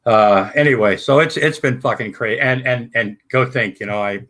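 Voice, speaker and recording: Bright-voiced man rambling on a livestream. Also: mid-range voice, normal speed. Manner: rambling, loud bursts, swears casually, addresses "folks". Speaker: livestream host. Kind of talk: rambling livestream chat to viewers. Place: indoors at home.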